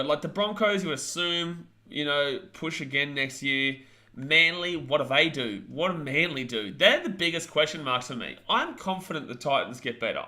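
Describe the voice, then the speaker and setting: Blunt man in his twenties, bright voice. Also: fairly high pitch. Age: 20s. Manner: blunt, opinionated, rambling with fillers. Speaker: host reading viewer chat. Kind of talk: casual sports chat stream.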